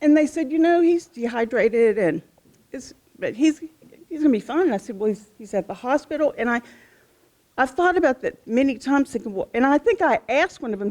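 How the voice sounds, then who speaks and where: A woman's voice: high voice, lively intonation, moderate pace, a little mellow. A middle-aged woman, rambling and heartfelt as she tells personal stories about a fallen police officer. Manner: rambling and heartfelt, with frequent restarts. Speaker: widow of a police officer speaking at a memorial. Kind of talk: personal storytelling speech at a remembrance gathering. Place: outdoor memorial gathering.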